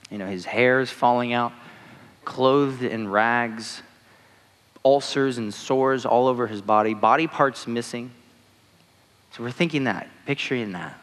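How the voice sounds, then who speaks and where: A man's voice: mid-range voice, measured pace, a bit bright. A young adult man preaching a casual sermon in a chatty way, full of fillers like "like" and "you know". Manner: conversational, uses many fillers like "like" and "you know". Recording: long hall reverb.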